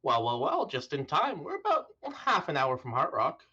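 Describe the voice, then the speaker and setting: A man's voice: on the high side, huge pitch swings, moderate pace, pushed and bright, slightly rough, pitched above the performer's own voice, heavily acted. A man voicing a chatty woman carriage driver. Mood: friendly. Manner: folksy, chatty. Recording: dull lo-fi stream audio.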